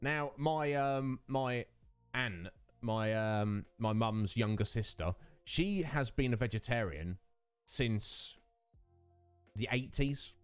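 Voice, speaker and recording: A man's voice: mid-range voice, slow, clean tone, no echo, soft background music. A man hosting his own stream, chatting casually with viewers, greeting them by name and laughing often. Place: home streaming setup.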